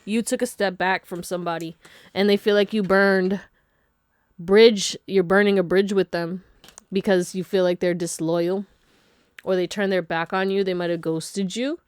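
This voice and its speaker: A woman reads tarot cards for her viewers in a loose, chatty way, often laughing and dropping slangy asides. Her voice sits at a middle pitch. The recording is dry and close to the mic. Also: steady tone, normal speed, smooth, no echo. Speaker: tarot reader. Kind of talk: casual pick-a-card tarot reading.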